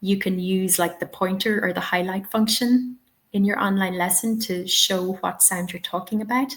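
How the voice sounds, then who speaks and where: A woman's voice: mid-range voice, steady tone, normal speed, fairly bright tone. A woman hosting a live webinar, patiently answering questions and giving spoken examples. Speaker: English teaching trainer.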